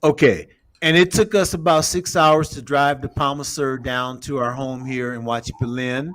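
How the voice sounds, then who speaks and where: A man's voice: medium pitch, fairly even intonation, moderate pace, a bit bright. A man hosting a casual livestream, rambling while showing a map and talking to viewers as everybody. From United States. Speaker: show host.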